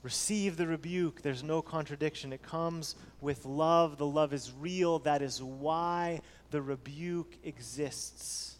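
A man preaching a sermon earnestly, repeating key phrases and swinging between soft low passages and raised emphatic ones. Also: slow pace, hardly any pauses. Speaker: pastor. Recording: long hall reverb.

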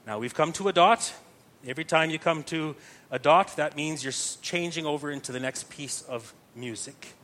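Male chant instructor, patient and plain-spoken, slightly higher voice, explaining step by step. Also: normal speed, a bit bright. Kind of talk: step-by-step teaching.

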